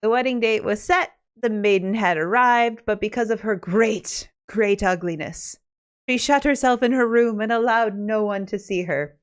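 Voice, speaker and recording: A woman's voice: a little high, moderate pace, clean tone. A woman podcast host retelling a fairy tale in a chatty, casual way with joking asides. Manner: chatty, laughs between asides.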